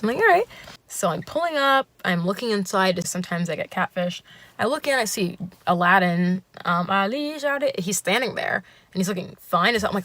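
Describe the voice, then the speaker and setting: Expressive woman comically telling a story. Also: mid-range voice, brisk. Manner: comic, dramatic, acts out voices. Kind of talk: storytime vlog.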